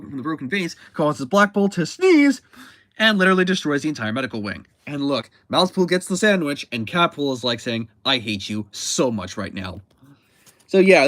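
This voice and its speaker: A man's voice: medium pitch, fairly bright tone, no room sound. Chatty, rambling man recapping comics. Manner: rambling, self-correcting, chatty. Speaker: comic book reviewer.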